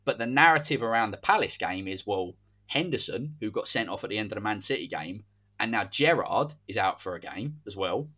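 A man's voice: on the low side, animated, a little fast, sharp tone. A man, hosting a podcast and telling a football story in a casual, dramatic way. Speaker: podcast host.

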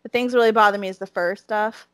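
A woman's voice: medium pitch, steady tone, fast, fairly bright tone, dry recording. A woman with a Southern accent chatting casually as a podcast co-host, emphatic and full of restarts. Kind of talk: casual chat about wrestling.

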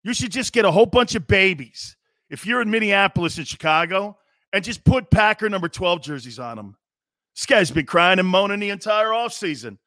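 On his sports radio show, a middle-aged host goes on an opinionated tirade, animated and brash, mocking others with jeering voices. He talks fairly quickly in a voice that sits high, captured in clean studio sound without echo.

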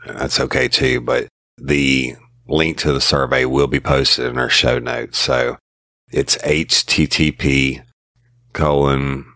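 A man's voice: very deep voice, takes it slowly, gravelly, bright, forceful tone, no echo, clean studio sound. A man hosting a podcast in a drawling, folksy way. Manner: drawling, folksy, uses y'all. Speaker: podcast host. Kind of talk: casual podcast talk.

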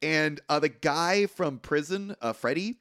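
A young man co-hosting a podcast, recapping a film in a casual, animated and profane way. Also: on the high side, a little slow, vocal fry, no room sound, clean studio sound. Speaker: podcast co-host.

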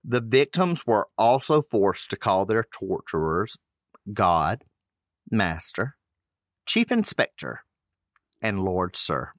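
A man's voice: fairly low pitch, slow, no echo, studio quality. A man hosting a podcast, reading case notes aloud with loose casual asides. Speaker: podcast host.

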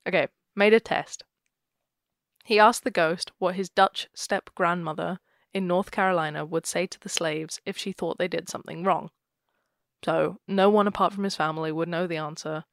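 This podcast co-host has a fairly low, steady voice and a moderate pace. She laughs often and keeps things casual as she retells a ghost story, and the recording is dry, with clean studio sound.

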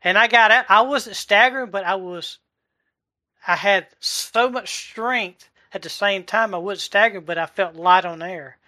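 A man in his forties giving a heartfelt personal testimony, halting and searching for words as he goes. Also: high voice, sharp tone, dry recording, studio quality. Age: 40s. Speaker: delivery driver sharing a testimony. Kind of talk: emotional personal testimony in a live chat.

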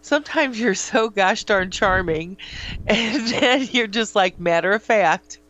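A woman's voice: a little high, slow, a bit bright, lo-fi sound. A woman co-hosting a casual chat, reacting to a story with amused teasing.

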